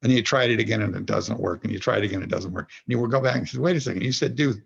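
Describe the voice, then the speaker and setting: Guy on a podcast telling stories, raspy kinda gravelly voice, restarts a lot, muffled audio. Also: fairly low pitch. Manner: storytelling, acts out little voices, halting restarts. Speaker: podcast guest, author. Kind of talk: conversational explanation.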